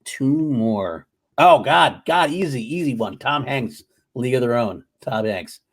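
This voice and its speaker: A man's voice: medium pitch, animated, a little slow, slightly rough. A man co-hosting a podcast in casual chat, laughing often and rambling with fillers. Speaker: podcast co-host.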